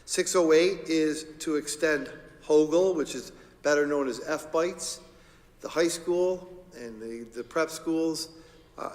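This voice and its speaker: A man's voice: fairly high pitch, darkish tone, in a large hall. A man, a school district administrator, walks the board through agenda items in an informal, joking, conversational way at a public meeting.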